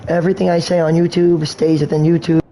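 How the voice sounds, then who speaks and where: A man's voice: on the high side, flat delivery, fast, dark tone, rough recording. A man streaming a game, talking in a rambling, crude way and telling meandering jokes. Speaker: gaming streamer. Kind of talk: rambling gameplay commentary.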